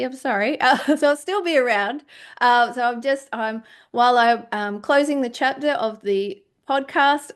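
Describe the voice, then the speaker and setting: Chatty woman podcast host, slightly high voice. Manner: chatty, heartfelt and rambling. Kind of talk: casual solo monologue.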